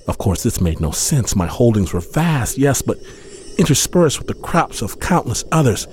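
A man narrating a dramatic story in a measured, grave voice with dramatic pauses. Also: lowish voice, sing-song, darkish tone, slight background noise.

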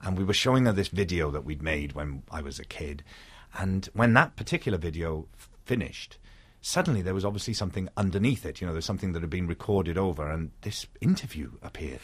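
A man's voice: deep voice, fast talker, slightly rough. A middle-aged man from Wales with a Welsh accent, an actor talking thoughtfully in an interview, with frequent restarts. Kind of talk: reflective interview conversation.

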